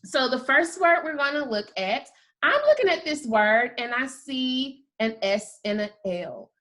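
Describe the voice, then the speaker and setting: Young female kindergarten teacher, slow deliberate sounding-out, cheerful encouragement, slightly high voice. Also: lively intonation, a bit bright. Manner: slow, exaggerated sound-by-sound modeling with upbeat praise. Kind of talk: recorded remote phonics lesson.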